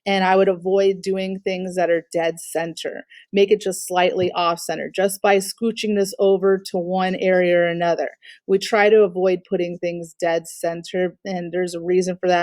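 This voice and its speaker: A woman's voice: fairly low pitch, a little mellow, no echo. A woman teaching an online art class, critiquing student artwork in an encouraging but direct way with frequent fillers, speaking into a computer mic on a video call.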